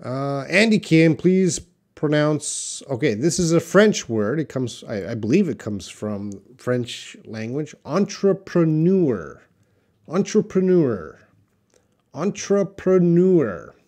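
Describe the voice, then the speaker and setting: Speaking in a mid-range, animated voice, this English teacher fields viewer questions on a live stream. He takes his time, patiently walking through each answer with sample sentences.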